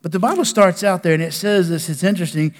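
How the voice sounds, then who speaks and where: A man, a pastor preaching a sermon, animated with loud bursts and quiet drops. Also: high-pitched, fast talker. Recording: long reverb of a large hall.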